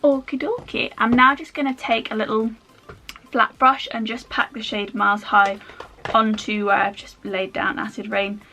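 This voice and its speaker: A woman's voice: mid-range voice, little pitch movement, normal speed, sharp tone, slight background noise. A woman chatting her way through a makeup tutorial at home, rambling with self-mocking asides as she works. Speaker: makeup vlogger.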